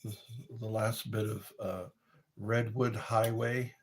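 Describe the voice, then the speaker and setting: A man's voice: little pitch movement, slow, husky. A middle-aged man hosting a casual livestream, rambling and reading chat messages aloud. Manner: rambling, reads chat aloud, breaks into high howls and quoted lines. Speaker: livestream host.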